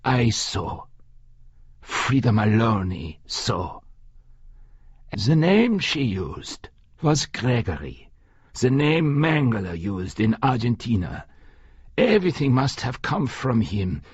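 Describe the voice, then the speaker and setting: A man voicing a weary older Nazi hunter who speaks gravely and insistently, in an audiobook. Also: medium pitch, very animated, takes it slowly, dry recording, lo-fi sound, full character voice.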